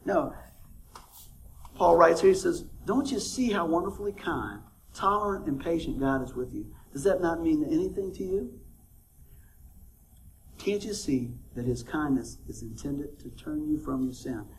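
A man's voice: fairly high pitch, expressive, unhurried, a little hiss or hum, rough recording. A man preaching a conversational sermon as a pastor, who keeps asking the congregation for amens and chuckles at his own jokes.

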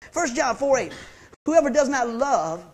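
Speaking at a measured pace in a very high voice, a pastor delivers a lively, down-home sermon to his congregation. He keeps turning to the listeners with questions.

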